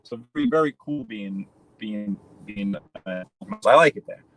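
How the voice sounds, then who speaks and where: A man's voice: lowish voice, animated, measured pace, fairly bright tone, poor audio. Chatty New man talking while driving. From New York. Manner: rambling, chatty, addresses viewers by name. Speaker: live-stream host. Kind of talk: casual chat while driving. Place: in a car.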